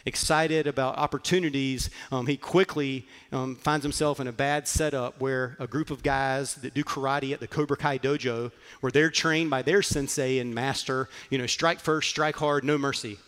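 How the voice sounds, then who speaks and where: A man's voice: medium pitch, fairly even intonation, normal speed, few pauses, a bit bright, clean tone, in a large hall. A man preaching a sermon, telling a story earnestly and with frequent fillers. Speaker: pastor.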